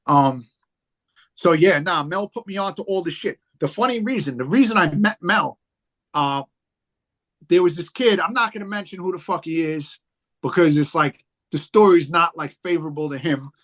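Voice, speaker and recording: A man tells stories in relaxed, profane chat. He rambles and circles back, with plenty of fillers between his thoughts. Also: fairly high pitch, moderate pace. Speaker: podcast guest, rapper. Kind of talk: casual chat.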